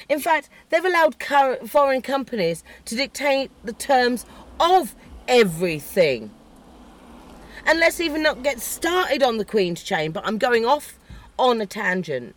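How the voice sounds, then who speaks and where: A woman rants about politics on her podcast. She is shouty, sarcastic and quick to swear. Her voice sits a little high and sounds close and dry, with no room around it. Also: dry recording. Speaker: podcast host. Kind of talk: heated political rant.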